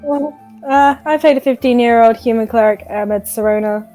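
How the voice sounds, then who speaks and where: A woman's voice: on the high side, normal speed, soft background music. A shy, reluctant young woman introducing herself as a player at a tabletop game. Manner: shy, reluctant, soft-spoken. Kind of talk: casual chat at a game table.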